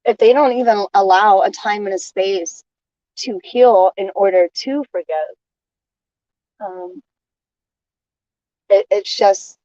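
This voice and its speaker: A woman vlogging a casual monologue, airing grievances in an indignant rant that stops and restarts in halting pauses. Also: mid-range voice, warm tone, no room sound, lo-fi sound.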